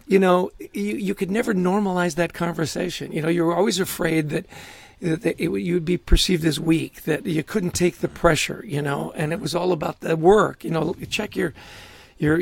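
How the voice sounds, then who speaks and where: A middle-aged man, a guest author in a conversational podcast interview, telling animated stories and acting out quotes. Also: on the high side, normal speed, vocal fry, breathy edge, no echo. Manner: animated storyteller, acts out quotes, laughs often.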